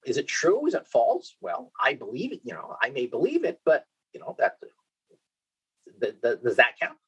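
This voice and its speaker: A keynote speaker with a medium-pitched, breathy-edged voice lectures at a moderate pace over dull audio. Lively and questioning at this conference talk, he fires off rhetorical questions, restarts, and frequently asks "okay?"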